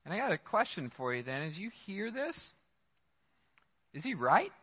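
A male pastor giving a conversational, animated sermon and acting out the voices he quotes. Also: high voice, moderate pace, slightly rough, big-room sound, muffled recording. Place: church sanctuary.

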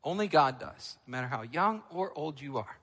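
A male pastor preaching a sermon, emphatic, moving between loud, ringing lines and quiet, low ones. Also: lively intonation, normal speed, in a large hall.

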